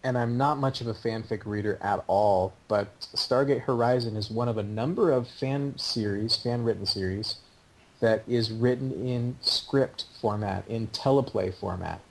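A man's voice: medium pitch, moderate pace, gravelly, rough recording. A man hosting a podcast, talking in a chatty, opinionated way. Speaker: podcast host. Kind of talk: casual podcast chat.

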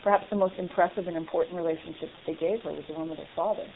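A woman's voice: on the low side, very fast, slight background noise. Woman on a tinny phone-like line. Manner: animated, laughs often, restarts. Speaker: actress being interviewed. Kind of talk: casual interview chat.

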